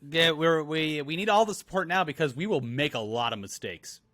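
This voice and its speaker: A man's voice: on the high side, animated, fairly quick, fairly bright tone. A young man co-hosting a live-stream town hall, talking casually with jokes and plenty of fillers. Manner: joking, rambling, many fillers. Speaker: co-host.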